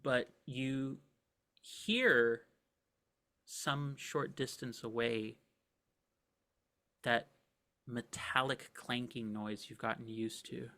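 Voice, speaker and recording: A man's voice: mid-range voice, very slow, pauses often, pushed and bright. A man narrating a tabletop game as game master, describing scenes casually and vividly with many filler words.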